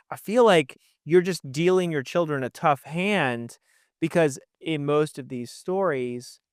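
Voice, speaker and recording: A young adult man hosting a podcast, talking in an earnest, animated way and quick to laugh along with his guest. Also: a little high, no echo, clean studio sound. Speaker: podcast host. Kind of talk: casual conversational interview.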